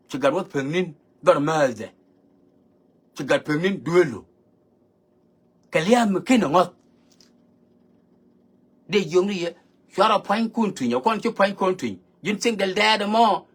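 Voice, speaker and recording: A man's voice: fairly high pitch, breathy edge. A man giving an emphatic, lecturing monologue, switching between languages as he talks. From South Sudan. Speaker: online commentator. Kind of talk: monologue talk mixing languages.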